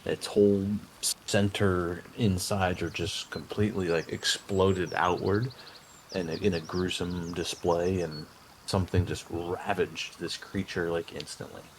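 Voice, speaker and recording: A man narrating a tabletop game as game master, describing scenes in a halting way with many fillers. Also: sits low, fairly even intonation, a little hiss or hum.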